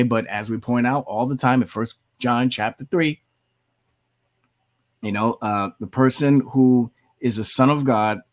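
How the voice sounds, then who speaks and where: A man at a middle pitch comments heatedly on a video he is reacting to. He argues in long, repetitive stretches and slips into mocking quotes of his critics. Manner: argumentative, heated, repetitive asides; mocks opponents in put-on quotes. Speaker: channel host.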